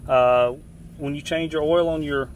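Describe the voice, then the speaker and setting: This casual repair demonstration comes from a Southern-accented fishing guide from Georgia, outdoors by a boat, who talks in a relaxed, folksy manner and frequently restarts his sentences. His voice runs a bit higher than most men's and his pace is a little slow. Faint background noise is present, and the audio sounds dull.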